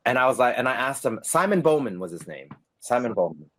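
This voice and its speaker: Quick-paced and medium-pitched, a middle-aged ex-stage performer spins stories during a casual interview. He's animated, laughs often, and puts on the voices of the people in his tales.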